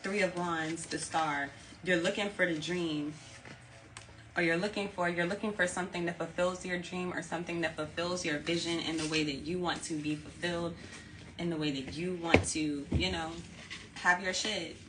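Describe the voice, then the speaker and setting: Low-voiced woman giving a tarot reading. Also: steady tone, moderate pace, a bit bright, a little hiss or hum, poor audio. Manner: candid, repeats phrases, swears casually. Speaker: tarot reader.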